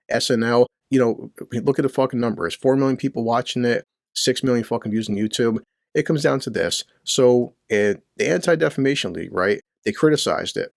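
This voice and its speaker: A man's voice: medium pitch, creaky, dry recording, studio quality. Blunt, profane middle-aged man ranting. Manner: blunt, crude, ranting, rhetorical questions. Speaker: commentary channel host. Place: home basement near a boiler.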